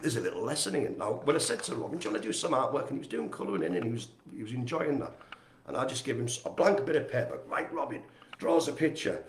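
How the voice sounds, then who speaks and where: A man with a lively, bouncing voice hosts a casual live stream, rambling and cracking jokes at his own expense. His voice carries a roomy echo, picked up by a webcam mic indoors. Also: medium pitch, rapid-fire, a little hiss or hum. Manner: chatty, jokey, rambling, self-mocking. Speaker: host of a live community broadcast. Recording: echoey room.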